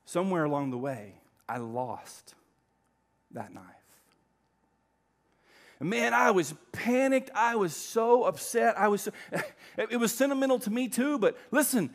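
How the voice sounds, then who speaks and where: A middle-aged male pastor preaching a sermon, telling a story with emphatic swings between loud and quiet. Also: high-pitched, lively intonation, moderate pace.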